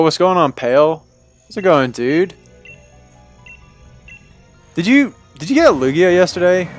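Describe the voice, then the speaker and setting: Young man, laid-back livestream host, mid-pitched, chatty, faint music underneath. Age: young adult. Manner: laid-back, chatty, calls viewers "dude". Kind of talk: casual live-stream chat. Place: room at home.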